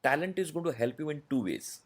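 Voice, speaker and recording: A man, a voice artist answering interview questions in a measured, explanatory way with many pauses. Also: on the high side, big pitch swings. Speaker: voice artist guest.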